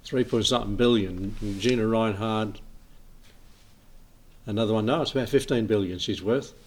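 A man's voice: lowish voice, moderate pace, a little hiss or hum. A man leading an informal Bible study, rambling, chuckling often and reading scripture aloud.

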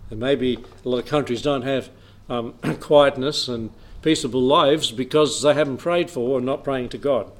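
A man's voice: medium pitch, normal speed. A man preaching a Bible teaching in an easy, conversational way, reading scripture aloud and chuckling now and then.

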